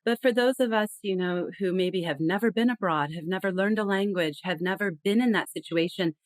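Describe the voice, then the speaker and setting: A woman's voice: medium pitch, fairly quick, dry recording. A woman guest on a podcast, explaining in an earnest, conversational way and acting out example phrases. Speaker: podcast guest, communication consultant. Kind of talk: conversational interview.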